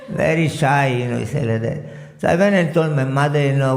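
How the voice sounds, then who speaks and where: A man's voice: on the high side, brisk. A man from Malaysia giving a temple lecture as a swami, telling stories and sprinkling in "you know" and sung verses. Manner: frequent "you know" fillers, chants verses in a singsong. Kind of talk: storytelling sermon. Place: temple hall. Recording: echoey temple hall.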